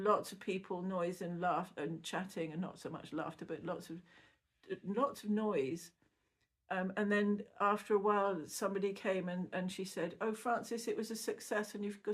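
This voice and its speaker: Middle-aged woman, vlogger post-surgery; casual, meandering, quick to laugh. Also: medium pitch. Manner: rambling, chatty, laughs often. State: recovering from surgery. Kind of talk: casual recovery vlog.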